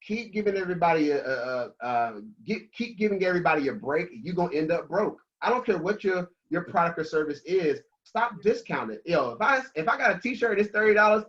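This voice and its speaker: A man talking about money on a video call, emphatic, slangy and energetic. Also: high-pitched, brisk, few pauses, husky. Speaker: financial coach guest. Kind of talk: animated motivational talk on a video call. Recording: dull lo-fi call audio.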